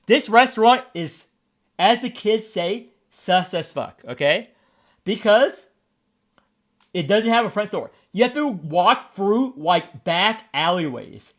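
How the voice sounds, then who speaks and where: A man's voice: sits high, expressive, slow pace, a bit bright. A Vietnamese American man streaming, rambling in casual chat, repeating words and swearing freely as he talks. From United States.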